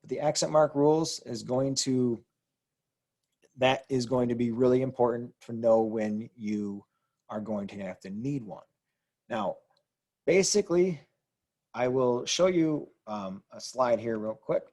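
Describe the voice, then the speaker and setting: A man explaining Spanish grammar rules over slides in a relaxed way, repeating points with fillers. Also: mid-range voice, measured pace. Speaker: Spanish teacher.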